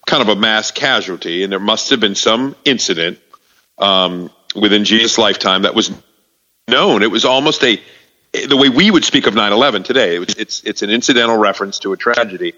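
A man talking casually about faith, halting, with many fillers and restarts. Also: lowish voice, sharp tone. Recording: distant hall echo, muffled sound.

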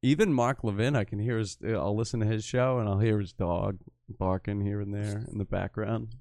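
A man's voice: fairly low pitch, fairly even intonation, normal speed, a little mellow, dry recording, studio quality. A man chatting casually as a podcast host, crude and blunt, swearing constantly on a home microphone. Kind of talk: casual profane chat.

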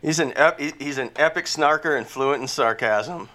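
Bright-voiced sarcastic man. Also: fairly high pitch, normal speed. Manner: sarcastic, laughs often. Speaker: podcast co-host. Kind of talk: casual comedic chat.

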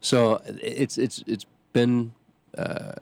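A middle-aged man, a parish priest hosting a show, talking casually in a halting way with many restarts and fillers. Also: mid-range voice, little pitch movement, vocal fry, darkish tone, dry recording. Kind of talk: casual talk.

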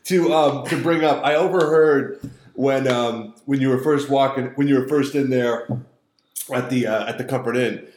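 A man's voice: mid-range voice, moderate pace, darkish tone, slight background noise. Male host, easy laugh, encouraging, roomy sound. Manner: laughs easily, short encouraging replies. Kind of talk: casual chat.

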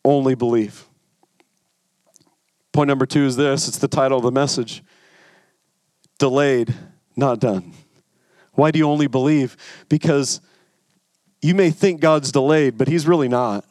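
A man's voice: medium pitch, a little slow, long pauses, a little mellow, dry recording. A man pastor delivering a sermon in a conversational way, often stammering and repeating words.

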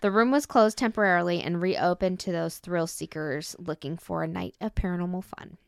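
A woman's voice: lowish voice, a little fast, vocal fry, smooth, no echo, studio quality. Chatty young woman podcast host. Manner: chatty, giggly, many fillers and restarts. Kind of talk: casual podcast chat, reading ghost stories.

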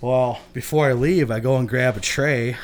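A relaxed young man from Michigan spins a long personal story. His voice sits at a medium pitch. He is casual and profane, and he laughs easily. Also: normal speed. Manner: laid-back, laughing often, profane. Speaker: podcast guest.

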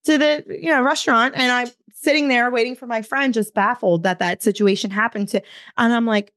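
A woman in her thirties, a podcast host, telling a story casually in an animated way, swearing and quoting her own thoughts. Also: on the high side, a little fast, no echo, clean studio sound. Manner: animated, swears, talks to herself in quotes.

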